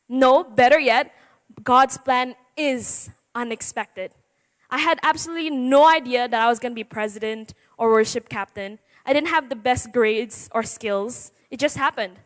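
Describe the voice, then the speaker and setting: A woman's voice: a little high, a bit bright. A seventeen-year-old girl giving a jittery, joking youth sermon, laughing at herself. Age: teens. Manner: giggly, self-deprecating, jittery. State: nervous. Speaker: youth preacher. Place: church sanctuary. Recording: church hall reverb.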